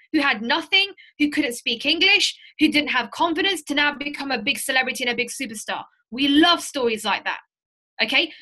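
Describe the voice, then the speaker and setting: A high-pitched woman with a bright, forceful voice leads a sales training session. She talks with emphatic energy, repeating key lines to drive them home. She is heard over a video call. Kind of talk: live training session with role-play.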